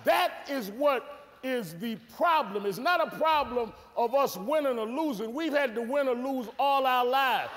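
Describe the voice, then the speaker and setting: A reverend giving a fiery, indignant political speech, shouting his points with emphasis. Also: extremely high pitch, expressive, measured pace. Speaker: reverend, panel speaker. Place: large auditorium. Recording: echoey hall, faint crowd and noise.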